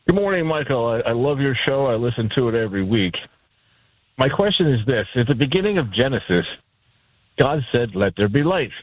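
A man's voice: mid-range voice, big pitch swings, a little fast, dry recording. A man calling in to a radio show to ask a question. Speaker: caller. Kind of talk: call-in question. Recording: tinny phone line.

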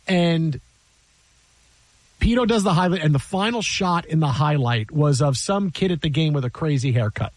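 A man's voice: fairly high pitch, expressive, normal speed, no echo. A man hosting sports radio in a studio, telling a story with lots of energy, acting out quotes and laughing often. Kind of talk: casual sports radio chat. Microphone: studio mic.

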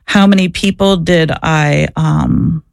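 A woman's voice: sits low, wildly swooping pitch, takes it slowly, creaky, no echo, clean studio sound. A woman and former social worker answering interview questions, telling her story in an earnest, reflective way. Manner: earnest, reflective, searching for words.

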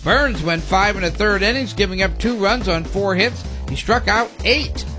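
A man's voice: sits high, moderate pace, over music. A man hosting a sports radio segment, reading scores and trading dry jokes. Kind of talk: sports news rundown with banter.

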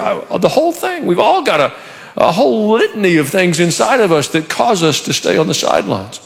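A male pastor preaching a sermon in a church, animated and conversational with touches of humor. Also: high-pitched, a little fast, creaky, long reverb tail.

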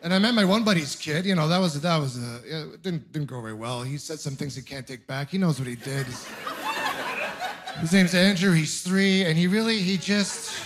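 A young man from Ontario doing a stand-up comedy set, telling stories deadpan with bursts of mock outrage. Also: fairly high pitch, normal speed. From Ontario, Canada. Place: comedy club stage with audience laughing.

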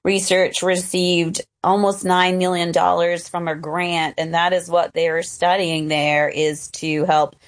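A woman's voice: fairly low pitch, little pitch movement, slow pace, hardly any pauses. A woman doctor on a radio show, sharing research news in an informative way. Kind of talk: informative on-air remarks.

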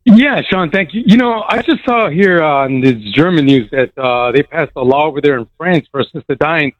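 A man's voice: on the high side, expressive, moderate pace, dry recording, dull audio. A man calling in to a radio show, chatting casually and agreeing along with the host. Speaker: caller. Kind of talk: casual phone-in chat.

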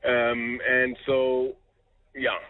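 Caller on a phone line. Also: male voice, mid-range voice, completely flat delivery, drawn-out words. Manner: rambling, hesitant, many fillers.

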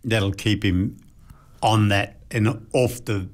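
Dry, low-voiced older male co-host. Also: steady tone, slow. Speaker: radio co-host. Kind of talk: casual radio banter.

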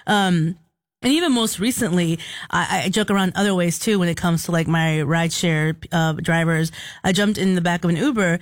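A woman's voice: on the low side, moderate pace, no room sound, clean studio sound. A woman co-hosting a radio show, telling amused stories in casual chat. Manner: storytelling, lively and amused. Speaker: radio co-host.

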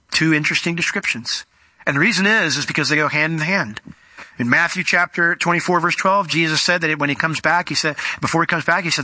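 Male preacher, lively conversational sermon, bright edgy tone, fairly high voice. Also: a little fast, no room sound. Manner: animated, conversational, acts out quotes. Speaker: pastor. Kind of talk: expository sermon.

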